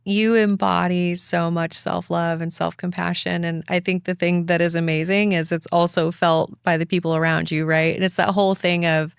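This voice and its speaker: A woman's voice: on the low side, little pitch movement, moderate pace, vocal fry, hardly any pauses, smooth, no room sound, clean studio sound. A woman hosting a podcast, speaking in an affirming way and asking reflective questions. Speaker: podcast host. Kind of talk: supportive interview conversation.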